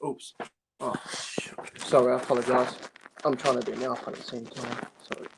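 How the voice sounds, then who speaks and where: A man's voice: mid-range voice, flat delivery, fairly quick, vocal fry, background noise. Young guy calling in, nervous, keeps saying sorry and starting over. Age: young adult. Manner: hesitant, apologetic, restarts often. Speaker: caller. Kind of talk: phone-in chat.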